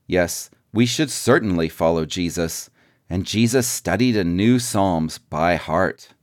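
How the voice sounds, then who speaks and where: A man with a notably deep, low voice reads a devotional book aloud. His delivery is measured and deliberate, in a scripted narration style. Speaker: audiobook narrator.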